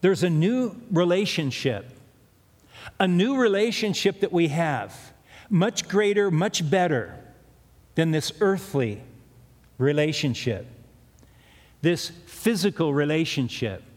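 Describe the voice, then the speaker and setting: A middle-aged man preaches, weaving scripture into relaxed personal stories as a pastor. His voice sits a little high for a man. The sound carries a long, echoing reverb, as if from a church hall. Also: slow pace, pauses often. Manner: conversational storytelling preaching with asides. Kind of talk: sermon.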